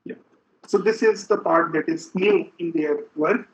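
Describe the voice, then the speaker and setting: A man on the high side of the pitch range lectures on academic physics as a seminar speaker in a lecture room, halting and leaning on filler sounds. It's a low-quality recording.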